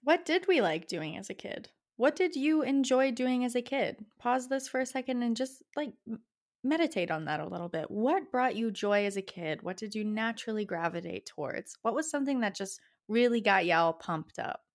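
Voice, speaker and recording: A young woman with a Canadian accent talks through a casual solo podcast. She is passionate and chatty, and her pitch climbs at the end of her phrases. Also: lively intonation, normal speed. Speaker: podcast host.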